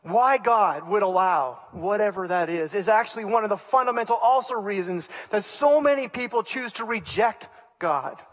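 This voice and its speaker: High-voiced earnest male preacher. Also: expressive, moderate pace, big-room sound. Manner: earnest, repeats words, voices prayers in a pleading tone. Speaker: pastor. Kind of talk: sermon.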